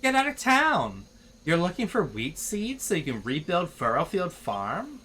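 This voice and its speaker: Man putting on a perky valley girl soldier gal, bright voice, bouncy lilt. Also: on the high side, huge pitch swings, normal speed, slight background noise. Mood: chatty. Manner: chirpy, slangy, upbeat. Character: bubbly young woman soldier, valley girl slang.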